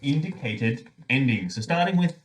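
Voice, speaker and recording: A man's voice: medium pitch, lively intonation, normal speed. A man playing a tabletop game, reading game text aloud in a playful way.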